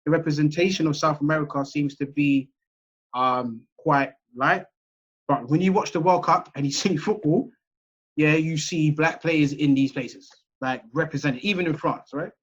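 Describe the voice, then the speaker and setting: A man's voice: on the high side, normal speed, slightly rough. A man with an English accent giving a seminar lecture over a video call, in a chatty, conversational way that keeps checking in with his listeners. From England. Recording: muffled video call audio.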